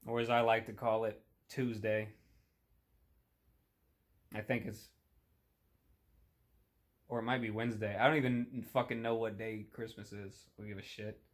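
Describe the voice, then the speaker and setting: A young man delivering a crude, profane comedic rant, rambling in a deadpan way with sudden shouty outbursts. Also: lowish voice, a little slow, pauses often. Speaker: comedic monologue host.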